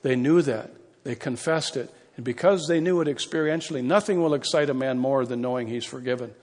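A man's voice: mid-range voice, a little fast, a little mellow. A man preaching a sermon as pastor, impassioned and building to emphatic peaks. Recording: long hall reverb.

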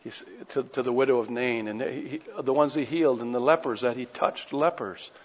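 A man preaching an earnest sermon, moving between quiet reflection and pressing intensity. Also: medium pitch, brisk. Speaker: pastor. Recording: dull audio with long hall reverb.

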